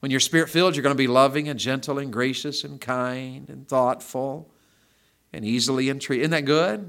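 A man's voice: on the high side, a bit bright. A man with a Southern American accent preaching a sermon in church, asking his congregation questions and rising into emphatic bursts. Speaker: pastor.

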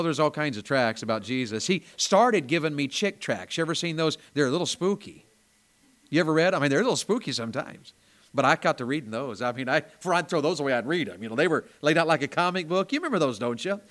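A Southern preacher from Tennessee delivers a storytelling sermon in a small church. His voice sits a little high for a man. He slips from hushed, confiding asides into loud, ringing emphasis. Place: small church during a service.

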